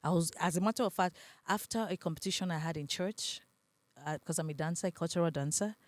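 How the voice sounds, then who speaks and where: A young adult woman with a Nigerian accent, a guest on a podcast, tells her story in casual conversation with a fast, somewhat low voice. She's animated, laughs often, and acts out the voices of people she quotes. There's no room sound.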